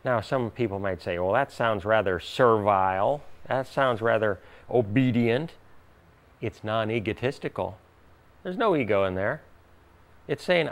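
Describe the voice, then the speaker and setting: Male workshop teacher, animated, acts out quotes, gravelly and lively. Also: lowish voice, moderate pace. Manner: animated, acts out quoted voices, laughs often. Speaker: spiritual teacher. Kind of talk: workshop talk with audience questions.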